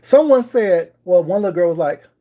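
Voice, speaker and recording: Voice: mid-range voice, expressive, moderate pace, mellow. A chatty livestream host talks casually to viewers from a home kitchen while something bakes. The delivery is wry and ironic, with viewers greeted by name along the way.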